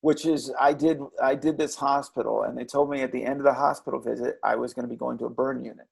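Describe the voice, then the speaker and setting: A man reflecting earnestly as an interview guest, with a gravelly voice and frequent halting restarts. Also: medium pitch, fairly even intonation, darkish tone. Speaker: interview guest, former children's character performer. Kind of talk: reflective storytelling.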